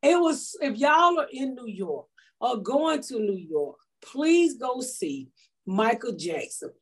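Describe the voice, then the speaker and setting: A woman hosting a podcast, telling stories loudly and profanely in casual chat. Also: fairly high pitch, takes it slowly, breathy edge. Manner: loud, profane, animated storytelling. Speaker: podcast host.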